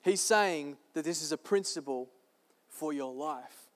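A man's voice: on the high side, unhurried. A man preaching a sermon to a church service, emphatic and repeating his key phrases. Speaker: pastor. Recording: long reverb of a large hall.

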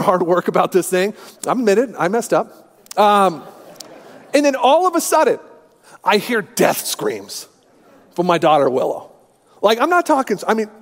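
Pastor, thirties, self-mocking storyteller; high voice, long hall reverb. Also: male voice. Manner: humorous, self-deprecating storytelling. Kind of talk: sermon with personal stories.

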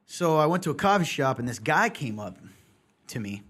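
A man's voice: on the high side, very animated, moderate pace, fairly bright tone, breathy edge. A man in casual podcast chat, a pastor and host who tells stories in a rambling way, with many restarts.

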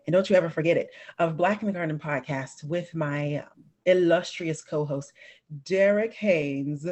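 A woman hosting a podcast in animated, playful casual chat, laughing often. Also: deep voice, moderate pace. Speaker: podcast host.

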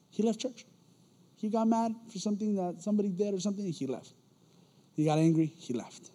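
A young man preaching a sermon as a church elder, telling stories with animated energy and repeating words as he gets going. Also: high-pitched, a little fast, pauses often. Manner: animated storytelling, repeats words when excited.

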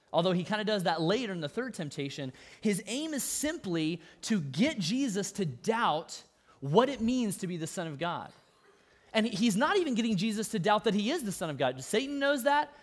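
High-voiced man preaching a conversational sermon. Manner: conversational, emphatic preaching with asides and humor. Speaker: pastor.

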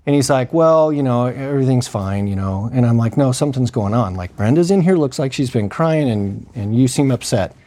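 A man's voice: medium pitch, expressive, fairly quick, few pauses, warm tone. A man telling a story from his work in emergency medicine in a casual, conversational way, acting out what people said and using plenty of fillers. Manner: conversational, acts out quoted dialogue, frequent fillers.

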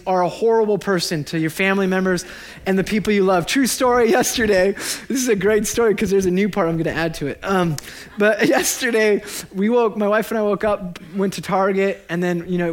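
High-voiced man preaching a jokey sermon. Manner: joking, animated, laughs at his own lines. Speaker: pastor.

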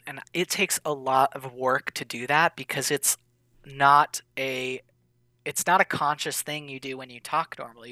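A man's voice: medium pitch, pushed and bright, no echo, low-quality recording. A young man in his twenties, a public radio reporter, answering interview questions casually with many fillers.

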